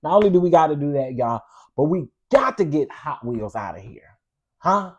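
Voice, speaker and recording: A man, hosting a casual live stream, chatting with his viewers in an animated, preachy way. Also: a little high, moderate pace, lo-fi sound. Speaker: host.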